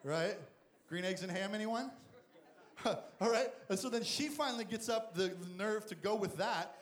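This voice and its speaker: A high-pitched man delivers an animated, joking youth sermon, acting out the characters. His voice bounces off an echoey room. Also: moderate pace. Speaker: youth pastor. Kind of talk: lively sermon with acted-out Bible characters.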